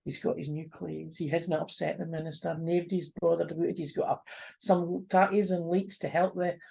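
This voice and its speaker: A woman with a North-east Scots accent telling a folk tale in a lively, homely way, mixing in broad Scots words. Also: lowish voice, a little fast, creaky, breathy edge. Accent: North-east Scots (Doric). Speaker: storyteller. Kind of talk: oral folk storytelling.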